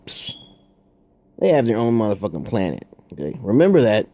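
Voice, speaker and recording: A man's voice: lowish voice, big pitch swings, fairly quick, warm tone. A man rambling through a profane, confrontational monologue to his viewers, with frequent "okay?" asides. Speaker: online commentator.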